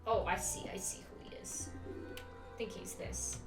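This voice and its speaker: A woman's voice: moderate pace, distant mic, low-quality recording. A young woman playing a video game and chatting casually, often reading on-screen text aloud. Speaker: let's-play host. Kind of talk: casual gameplay chat. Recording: game music playing behind.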